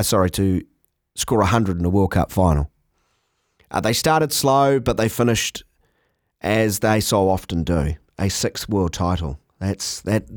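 A man hosting a cricket podcast in casual, animated, self-mocking chat. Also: fairly low pitch, no echo, studio quality.

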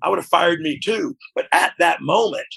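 Gravelly, husky man speaking frankly. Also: high-pitched, moderate pace, sharp tone. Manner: frank and reflective, often asks "you know what I mean?". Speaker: interview guest, former wrestler. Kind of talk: candid conversational interview.

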